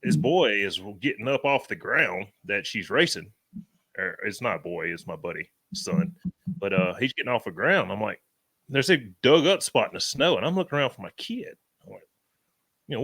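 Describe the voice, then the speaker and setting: A man's voice: lowish voice, moderate pace, slightly rough, dry recording. Drawling man telling stories. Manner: animated storyteller, rural Southern slang. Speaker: podcast co-host. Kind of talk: casual storytelling chat.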